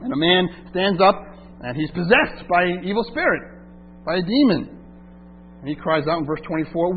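Male pastor, lively sermon delivery, slightly higher voice, tinny phone-like audio with hum. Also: normal speed. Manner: animated, rhetorical questions to the congregation.

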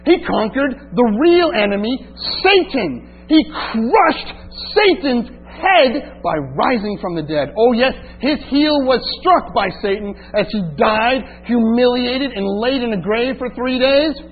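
A man preaching a sermon, telling the story dramatically and swinging from hushed asides to loud exclamations. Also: very high-pitched, lively intonation, slow, hardly any pauses, husky. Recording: tinny phone-like recording with mains hum.

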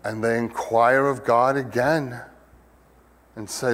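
Male pastor, unhurried conversational sermon, mid-range voice, long church reverb. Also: mid-range voice, steady tone, fairly bright tone. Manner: conversational, many fillers, rises to emphatic peaks.

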